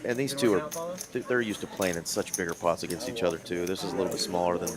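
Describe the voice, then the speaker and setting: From a card room broadcast booth, a low-voiced man talks fast as he commentates a live poker game, chatting casually and reading viewer comments aloud. Crowd noise sits behind him.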